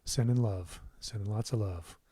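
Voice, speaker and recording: Middle-aged male musician, relaxed rambling livestream host, dry close studio sound. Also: on the low side, normal speed, breathy edge, no room sound. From United States. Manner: rambling, warm asides, many fillers and restarts. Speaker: musician hosting his own livestream. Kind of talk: casual livestream chat. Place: his home recording studio.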